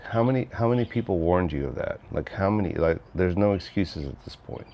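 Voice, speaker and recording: A man's voice: on the low side, animated, brisk, few pauses, warm tone, a little hiss or hum. A middle-aged man rambling casually on a livestream, reading chat messages aloud and answering viewers. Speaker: livestream host.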